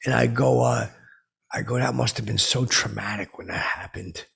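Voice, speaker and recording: A man's voice: medium pitch, moderate pace, a bit bright, heavily acted. A man putting on a clueless, lonely, brash oddball, telling a rambling comedic story full of fillers and restarts. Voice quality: gravelly, husky. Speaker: comedic podcast host in character.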